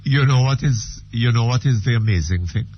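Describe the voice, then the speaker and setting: An older man hosting a radio talk discussion, speaking slowly and emphatically with repeated words. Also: mid-range voice, slight background noise. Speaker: radio talk show host. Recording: dull lo-fi radio archive.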